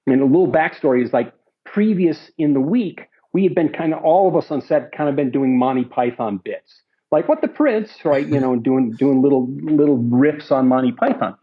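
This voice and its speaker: Middle-aged man, film crew storyteller; husky, mid-pitched, rambling, on dull lo-fi interview audio. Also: normal speed. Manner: rambling, lots of restarts and asides. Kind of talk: anecdotal storytelling.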